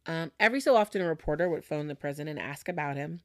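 A woman host recounts a story in a relaxed, chatty way, with lots of fillers. Her voice is on the low side and the sound is dry and close. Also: fast talker, no room sound. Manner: conversational, with frequent fillers and laughs. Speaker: podcast host. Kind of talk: casual storytelling chat.

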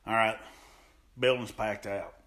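A man's voice: fairly low pitch, unhurried. A man, a pro wrestler, animatedly telling stories as a podcast guest and acting out what people said. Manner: animated, acts out quotes, laughs often. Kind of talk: storytelling in an interview.

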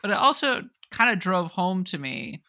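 A podcast co-host in a casual chat, giving wry, measured opinions. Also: medium pitch, sing-song, pushed and bright.

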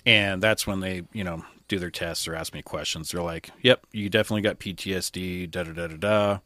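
A man with a lowish voice speaks candidly in a relaxed way, telling his story and quoting others. The sound is dry and close to the mic. He comes across as a young adult podcast guest. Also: a little fast, dry recording. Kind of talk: casual storytelling.

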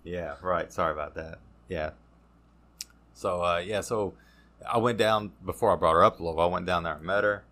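Low, bright-voiced man telling his story. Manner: halting, many fillers and restarts. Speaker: podcast guest sharing recovery story. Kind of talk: casual conversational storytelling.

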